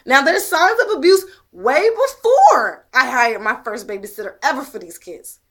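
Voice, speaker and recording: A woman with a slightly high voice speaks straight to the camera in a long monologue. She is intense and emphatic, blunt enough to swear. She presses her points with pointed rhetorical questions. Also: animated, normal speed, a bit bright. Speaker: mother.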